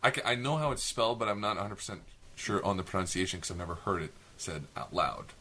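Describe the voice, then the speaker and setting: A man's voice: sits low, fast talker, pushed and bright, slight background noise. A young man co-hosting a casual podcast chat, talkative and a bit long-winded, self-deprecating. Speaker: podcast co-host.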